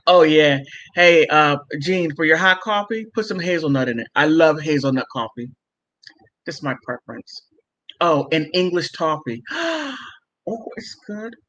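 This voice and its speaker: A woman's voice: low voice, sing-song, measured pace, a bit bright. A middle-aged woman hosting a casual livestream, chatting emphatically with viewers and laughing often. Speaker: livestream host reading viewer comments. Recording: muffled lo-fi stream audio.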